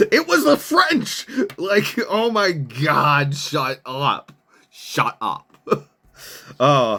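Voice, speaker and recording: A man hosting a podcast in a loose, profane rant, sounding exasperated and breaking into laughs as he talks. His voice sits at an ordinary middle pitch, and he often mocks people with put-on voices. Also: pushed and bright. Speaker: podcast host. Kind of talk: casual ranting commentary.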